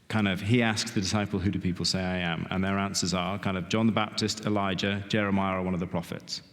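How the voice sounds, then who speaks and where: Man, middle-aged, lay preacher, conversational sermon, low voice, long church reverb. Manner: conversational, frequent "kind of" and "okay?".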